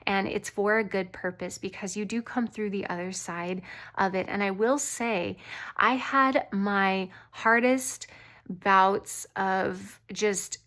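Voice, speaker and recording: A woman with a light voice gives an intuitive tarot reading straight to her viewers. Her pitch sits in the middle of a woman's range, and she talks in an earnest, reassuring way that wanders a little as she goes. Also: steady tone, slow. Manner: earnest, reassuring and gently rambling. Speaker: tarot reader.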